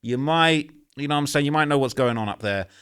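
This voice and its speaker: A man's voice: fairly high pitch, fast talker, a bit bright, clear, resonant tone, no echo, clean studio sound. A man from London with a London accent, talking through a casual commentary video and checking in with the viewer as he goes. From London, England. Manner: chatty, keeps tagging lines with "all right?" and "okay?". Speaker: YouTube commentator.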